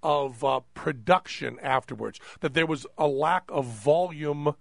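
A man hosting a casual radio chat, telling stories in an animated way and laughing often. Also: a little high, measured pace, gravelly, no room sound, clean studio sound. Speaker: radio host.

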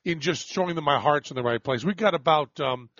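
A man's voice: fairly high pitch, brisk, a bit bright, dry recording, muffled recording. A man hosting a radio show, chatting casually and rambling in a self-deprecating way with many restarts.

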